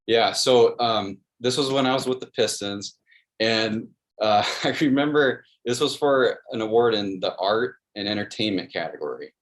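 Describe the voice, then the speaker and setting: Earnest low-voiced man. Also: moderate pace. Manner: earnest, friendly, many restarts and "you know". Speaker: guest, sports video producer. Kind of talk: casual interview storytelling.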